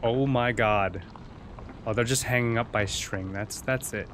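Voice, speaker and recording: Male gaming streamer, jokey and excitable, mid pitch, noisy recording. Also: measured pace. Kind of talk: let's-play commentary.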